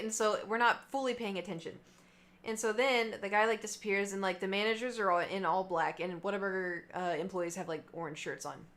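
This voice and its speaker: Young woman, streamer, casual animated storyteller, lots of fillers, mid pitch. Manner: chatty, animated quoting of others, many fillers.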